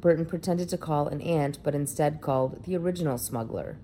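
A woman with a notably low, warm and mellow voice reads a feature story aloud. Her delivery is plain, steady narration. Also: a little fast, slight background noise. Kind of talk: reading a feature article aloud.

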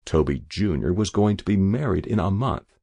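A man's voice: low voice, lively intonation, normal speed, vocal fry, warm tone, husky, dry recording. A man reading a story aloud, narrating expressively. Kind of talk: audiobook reading.

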